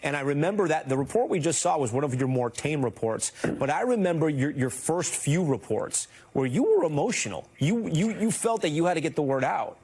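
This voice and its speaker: A man anchoring a news program, narrating a report and then interviewing a guest in a measured, earnest way. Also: fairly high pitch, lively intonation, a little mellow, breathy edge.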